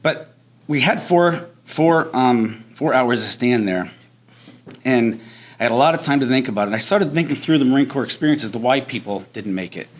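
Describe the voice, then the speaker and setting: A veteran man giving a storytelling speech at a breakfast event, animated and conversational, mixing quick and slow phrasing. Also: mid-range voice. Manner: animated storyteller, acts out shouted drill instructor lines. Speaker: veteran speaker. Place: banquet hall at a veterans breakfast.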